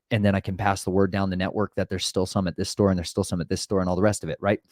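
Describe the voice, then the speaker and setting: A man with a Southern American accent telling a storm story in casual chat, lively and acting out dialogue, with a preachy streak. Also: low-pitched, no room sound, clean studio sound. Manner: animated, acts out his own and others' voices in retold dialogue; preachy, mixes religious exhortation into talk. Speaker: vlogger sharing storm preparedness experiences.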